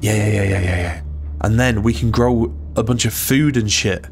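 A man's voice: on the low side, normal speed, soft background music. A man hosting a gaming channel, giving jittery let's-play commentary full of swearing and muttered self-talk. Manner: jittery, swears a lot, talks to himself.

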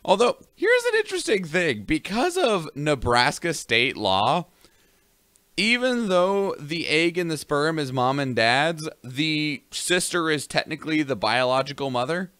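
A man's voice: on the high side, big pitch swings, unhurried, a bit bright, dry recording. A young man co-hosting a podcast, chatting casually about news stories in a laid-back way. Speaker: podcast co-host reading news.

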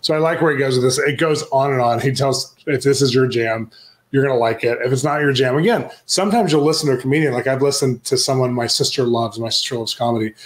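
A male show host chatting casually about the clips he plays. He talks quickly and with enthusiasm, and his voice sits at a middle pitch.

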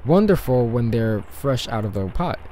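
A man's voice: mid-range voice, lively intonation, normal speed, mellow, a little hiss or hum, natural voice. Man doing a game innkeeper, middle-aged man, Russian accent, polite, hearty, talkative. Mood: proud. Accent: put-on Russian. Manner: courteous, hearty and chatty.

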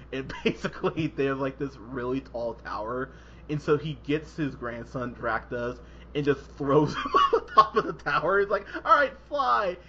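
A man with a mid-range voice rambles and laughs through a casual, profane podcast movie review, quoting scenes in animated voices. The lo-fi podcast audio sounds dull and carries a slight hiss or hum.

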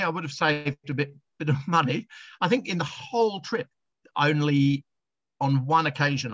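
A man's voice: mid-range voice, sharp tone, no echo. A middle-aged Australian man, a guest author telling anecdotes over a video chat, chatty and laughing with frequent restarts. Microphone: video call. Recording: dull lo-fi video call.

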